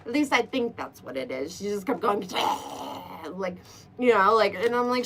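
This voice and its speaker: A woman's voice: medium pitch, sing-song, unhurried, a crowd in the background. A woman hosting a casual livestream chat in a playful demon persona, dramatic and prone to laughing. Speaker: livestream host.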